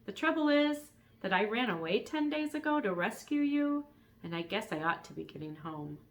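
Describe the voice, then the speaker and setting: Eager little boy, nine, high bright voice, woman reading a storybook. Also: expressive, normal speed, natural voice.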